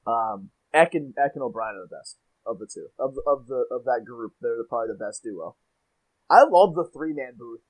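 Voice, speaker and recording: A man's voice: medium pitch, expressive, brisk, poor audio. Hesitant young man, casual chat. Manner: hesitant, restarts often, laughs easily. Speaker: podcast co-host. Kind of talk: casual sports podcast chat.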